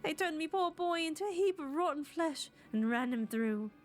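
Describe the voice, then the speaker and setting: A woman voicing a frantic, grieving old mother, wailing and melodramatic with a rough put-on accent. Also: high voice, expressive, normal speed, voice pushed up. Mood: mournful.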